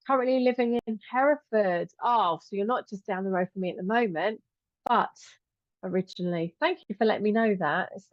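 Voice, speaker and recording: A middle-aged woman hosts a live stream as a host and angel teacher, chatting affectionately as she greets viewers and calls them "my lovely." Her mid-range voice is a little mellow, in a dry, dull-sounding recording.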